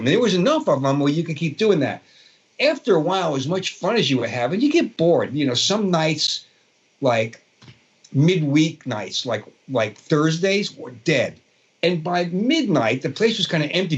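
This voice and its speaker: A man's voice: on the high side, husky, muffled recording. A man in his sixties from Brooklyn with a Brooklyn accent, a guitarist telling rambling stories in an interview with many fillers and restarts. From Brooklyn, New York. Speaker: guest guitarist. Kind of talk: casual storytelling interview.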